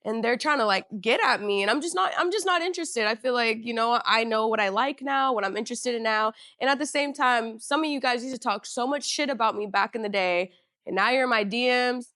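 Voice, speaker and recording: A woman's voice: on the high side, fairly quick, bright, forceful tone, no echo, studio quality. A young woman from Northern California hosting a podcast, telling a casual storytime in a chatty, slangy way full of "you know" and "you feel me.". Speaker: podcast host.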